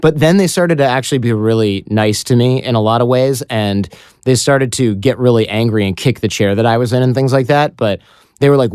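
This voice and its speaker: A man as a podcast guest, telling a story in a casual, animated way and acting out what others said. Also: medium pitch, fairly quick, clean tone, no room sound, studio quality. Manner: animated storyteller who acts out quoted voices.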